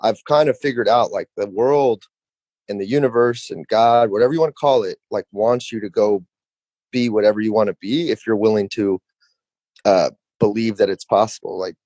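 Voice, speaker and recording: A man's voice: fairly low pitch, moderate pace, a little mellow, no echo. A man hosting a podcast in a casual, reflective way, filling his talk with "like" and "dude". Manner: laid-back, says "like" constantly, reflective. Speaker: podcast host.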